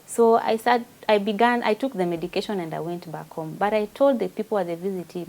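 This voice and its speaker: A woman's voice: medium pitch, brisk, vocal fry, few pauses, a little mellow, poor audio. A woman with a Kenyan accent, a guest giving an emotional personal testimony and mixing Swahili with English.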